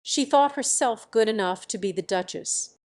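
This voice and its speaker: A haughty duke from an old fairy tale, pompous and quick to scream at anyone beneath him, as a woman reading the story puts him on. His lines come out high and shrill with snobbish outrage. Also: expressive, darkish tone, natural voice. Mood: outraged. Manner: haughty, shrieking.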